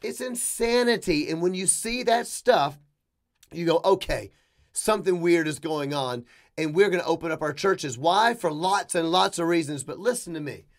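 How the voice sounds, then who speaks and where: A middle-aged man with a high, light voice hosts his own podcast. He talks in an emphatic, opinionated monologue, firing off quick asides and slipping into mocking voices when he quotes others. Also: animated. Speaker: podcast host.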